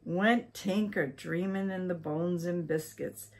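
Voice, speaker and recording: An older woman from Maine reading a children's story aloud at a gentle, unhurried pace. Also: fairly low pitch, slight background noise. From Maine, USA.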